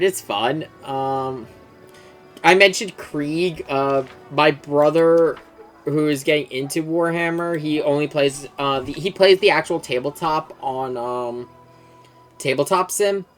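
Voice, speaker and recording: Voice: mid-range voice, lively intonation, slow pace, soft background music. A game streamer casually explaining game lore, enthusiastic and rambling, with lots of fillers and swearing.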